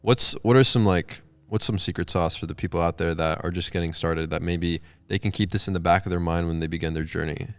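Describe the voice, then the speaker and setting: A man's voice: sits low, steady tone, a little fast, hardly any pauses, clear, resonant tone. A man hosting an interview, asking long, rambling questions. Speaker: interview host.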